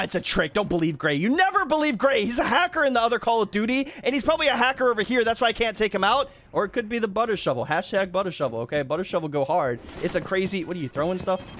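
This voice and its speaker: A young man giving loud, excitable gameplay commentary, trash-talking other players, laughing and yelling often. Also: high voice, slight background noise. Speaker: gaming YouTuber.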